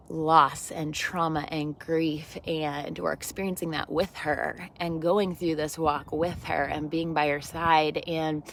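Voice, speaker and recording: A woman's voice: low-pitched, creaky, rough recording. A woman fitness instructor giving a reflective, encouraging talk during a workout class, building on repeated phrases. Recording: loud background noise with clicks.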